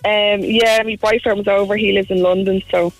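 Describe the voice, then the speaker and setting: A woman's voice: medium pitch, level tone, moderate pace, no echo, rough recording. A woman phoning in to a radio quiz show. She talks in an easygoing, casual way and laughs readily. A bit of music sits faintly behind her. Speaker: caller playing a radio quiz. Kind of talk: casual phone-in chat.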